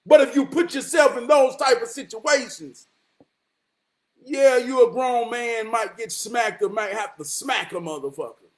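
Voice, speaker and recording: A man with a strikingly high-pitched voice delivers a preachy motivational monologue. He is emphatic and profane, often rising to a shout, and he slows down to repeat his key lines for weight. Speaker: motivational vlogger.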